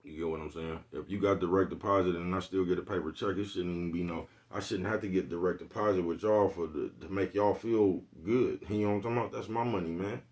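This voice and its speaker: A man's voice: deep voice, fairly even intonation, fast, few pauses, darkish tone. A man ranting casually on a livestream in streetwise slang, who keeps asking his viewers if they follow him. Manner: streetwise slang, keeps asking "you know what I'm talking about". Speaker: livestream vlogger.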